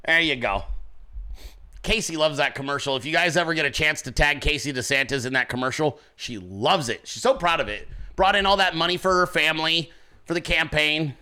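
A man's voice: a little high, fairly quick, bright, forceful tone, smooth. A man hosting a political commentary show, talking in a brash, swaggering, profane monologue. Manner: brash, swaggering, heavy swearing.

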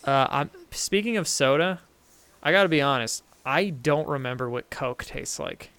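A man's voice: mid-range voice, expressive, normal speed, fairly bright tone, clear, resonant tone, no echo. A young man co-hosting a casual podcast chat, rambling and self-interrupting, laughing easily. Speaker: podcast co-host.

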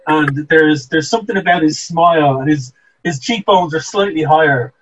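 A man's voice: a little high, moderate pace, a bit bright, a little hiss or hum, low-quality recording. A man narrating a tabletop game as game master, hesitant, with many ums and restarts. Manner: hesitant, lots of ums and restarts, laughs often.

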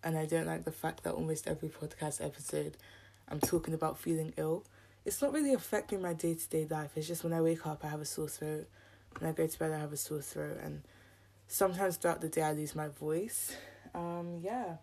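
A woman's voice: low voice, fairly even intonation, fairly quick, creaky, dark tone. A young woman from the UK hosting her own podcast, talking casually and candidly with a scratchy, sore throat and a little out of breath. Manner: chatty, candid and rambling. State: a bit out of breath. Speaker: podcast host. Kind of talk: casual solo podcast chat.

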